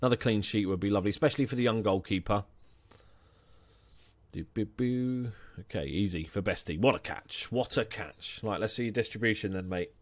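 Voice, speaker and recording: Chatty low-voiced man, dry mic. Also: fast, few pauses, no echo. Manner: chatty, jokey, gives players nicknames. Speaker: gaming channel host. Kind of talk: casual let's-play commentary.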